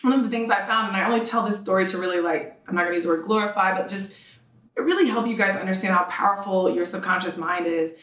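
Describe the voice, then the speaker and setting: A woman's voice: mid-range voice, fast talker, a bit bright. A woman in her thirties, a podcast guest telling a raw, emotional personal story and acting out the voices in it. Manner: raw, emotional, acts out quoted exchanges. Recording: roomy sound from a distant mic.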